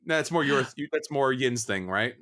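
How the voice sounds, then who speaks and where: A man's voice: medium pitch, unhurried. A man co-hosting a podcast in casual, joking chat. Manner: joking, animated. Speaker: podcast co-host.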